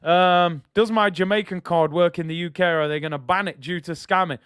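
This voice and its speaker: A young man hosting a live football watch-along, reading chat and reacting loudly to the match. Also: high-pitched, fairly quick, clear, resonant tone, no room sound, studio quality. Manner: excitable, banters with chat, shouts at big moments.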